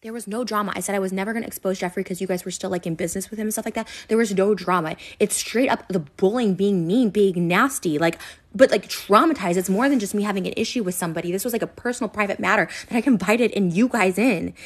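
Fast-talking, upset young woman ranting. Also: medium pitch. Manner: rambling, filler-heavy, restarts and repeats. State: upset and hurt. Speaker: internet personality. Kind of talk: emotional direct-to-camera rant.

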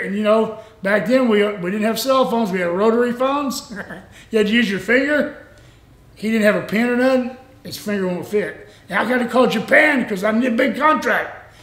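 A man's voice: high voice, moderate pace, fairly bright tone. Man in his 60s, laughs a lot, reverberant room. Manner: rambling, salty, laughs often. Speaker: retired pro wrestler, guest. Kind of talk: casual storytelling.

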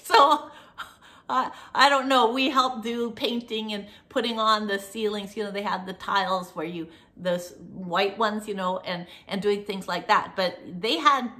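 A woman's voice: medium pitch, bright, forceful tone. Middle-aged woman host, cozy rambling storyteller, slips into a whisper for suspense. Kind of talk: casual chat, storytelling.

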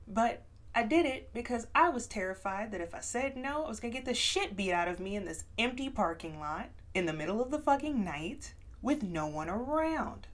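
A woman vlogger telling a personal story and giving commentary in a blunt, profane, emphatic way, swinging from hushed to loud. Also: a little high. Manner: switches between hushed and loud emphatic delivery.

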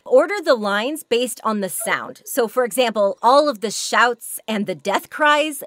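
A hoarse woman giving a chatty workshop talk on voice acting, laughing often as she goes. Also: on the high side, no echo, studio quality. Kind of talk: workshop presentation.

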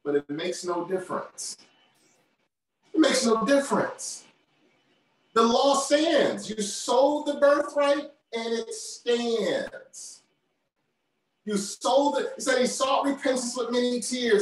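A male preacher gives a sermon slowly and deliberately, his voice sitting high as he hammers each point and repeats key phrases for weight. He sounds distant, caught from far off in a big, very echoey church hall.

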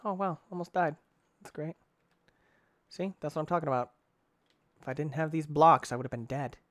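A young man giving excitable let's play commentary, talking to himself, exclaiming and using mild cursing substitutes. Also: fairly high pitch, moderate pace, no room sound. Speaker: gaming YouTuber.

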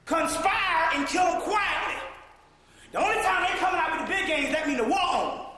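A man giving a profane, animated storytelling lecture, often breaking into shouts and laughter. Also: very high voice, moderate pace. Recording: echoey hall recording.

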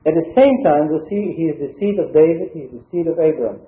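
Bible teacher man, echoey tinny recording. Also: a little high. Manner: measured, explanatory, with frequent "uh" pauses. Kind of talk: Bible study lecture. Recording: echoey room over a thin phone-like line.

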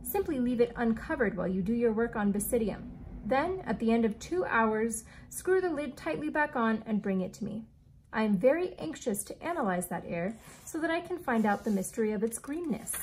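Lady teacher doing a fussy formal inventor guy, slow careful old-fashioned talk, kinda high voice. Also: sing-song, darkish tone, a little hiss or hum. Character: eccentric formal male inventor, precise and kindly.

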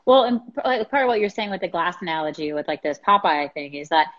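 A fairly low-voiced woman hosting a casual live stream chat, upbeat and easygoing. The audio is somewhat dull and lo-fi. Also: animated, fast, fairly bright tone. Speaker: host.

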